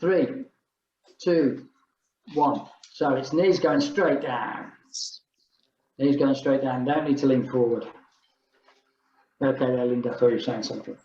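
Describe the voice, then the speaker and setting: A man's voice: mid-range voice, a little slow, pauses often, warm tone, a little hiss or hum. Older guy leading a workout class, jokey and chatty, counting down reps, echoey room, kinda muffled sound. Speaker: fitness instructor. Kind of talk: leading an exercise class with casual chat.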